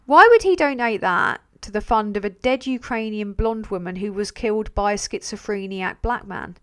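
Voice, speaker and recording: A woman's voice: medium pitch, normal speed, smooth. A woman hosting a live stream, talking bluntly with frequent swearing, rambling between points and reading out viewer messages. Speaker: livestream host.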